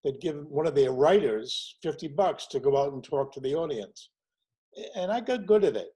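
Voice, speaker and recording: A man in his sixties, a comedian guest telling his show business stories in a lively way and acting out the people he quotes. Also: fairly high pitch, normal speed, slightly rough, low-quality recording. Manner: animated storyteller acting out quotes in other voices. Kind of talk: casual storytelling chat.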